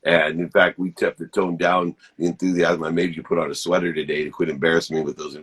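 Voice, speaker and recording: A man's voice: low-pitched, flat delivery, fast talker, fairly bright tone, breathy edge. A man co-hosting a talk show, enthusiastic and preachy, rambling with spiritual asides. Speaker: show co-host. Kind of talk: energetic podcast conversation.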